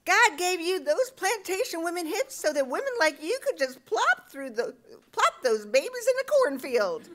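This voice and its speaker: A woman's voice: extremely high pitch, big pitch swings, normal speed, hardly any pauses, a bit bright, voice pushed up, exaggerated voice. A woman voicing a blunt, tactless woman who mocks a new mother. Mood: mocking.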